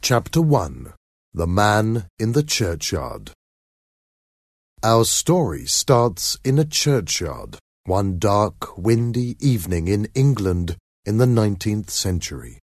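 Deep, slow male audiobook narrator. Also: no echo, studio quality. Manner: expressive, measured storytelling. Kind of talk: scripted narration.

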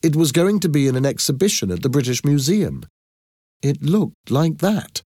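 A man reading an audiobook and voicing a calm, reassuring woman. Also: fairly high pitch, moderate pace, breathy edge, no echo, clean studio sound, voice pushed up. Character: calm, caring woman living in the city.

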